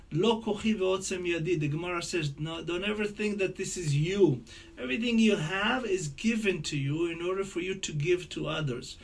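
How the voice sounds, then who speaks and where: A man teaches a Torah lesson in a fairly high voice, talking in a loose, conversational way. He rattles off verses quickly before explaining them in English. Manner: conversational teaching, mixing Hebrew quotes into English. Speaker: rabbi teaching a class.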